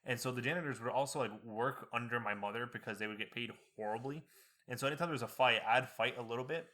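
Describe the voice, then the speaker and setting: A young man co-hosting a casual podcast chat, telling animated stories and acting out quoted people in a raised voice. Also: quick pace. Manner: animated storyteller, acts out quotes in a high voice. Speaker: podcast co-host.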